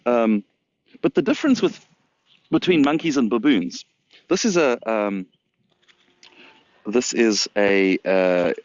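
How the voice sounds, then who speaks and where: A man's voice: mid-range voice, darkish tone, lo-fi sound. A man, casually telling a funny story to camera, with amused, stumbling restarts. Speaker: storyteller and host.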